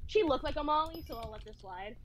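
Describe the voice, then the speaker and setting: High-voiced young woman with vocal fry. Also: expressive, fast, a bit bright. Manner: bubbly valley-girl lilt, rambling with many "like"s. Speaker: streamer. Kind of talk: casual chat while gaming.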